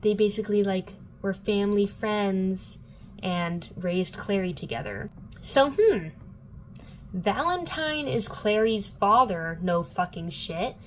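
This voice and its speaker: A woman's voice: medium pitch, animated, slow, slight background noise, rough recording. A young woman vlogging a casual, sarcastic book recap full of fillers. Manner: chatty, filler-heavy, sarcastic asides.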